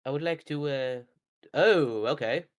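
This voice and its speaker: A man's voice: on the high side, unhurried, clean tone. A man playing in a live tabletop game, chatting with the group in an eager, casual way. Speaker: player.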